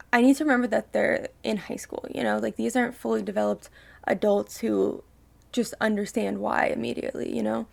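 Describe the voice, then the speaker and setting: A woman's voice: fairly high pitch, gravelly, darkish tone. A young woman hosting a reaction video, talking casually and emotionally, ranting and swearing freely.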